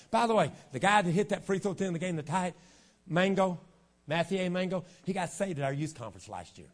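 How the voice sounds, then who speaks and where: A pastor in his fifties delivers a folksy, joking sermon in a fairly high voice. He drops to quiet asides, then builds up to shouting. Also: lively intonation, fast. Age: 50s.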